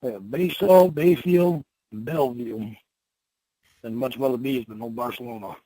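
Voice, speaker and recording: A man talking on a phone call, gruff, confused and swearing a lot. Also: mid-range voice, normal speed, dark tone, no echo. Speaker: call recipient. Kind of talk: phone conversation.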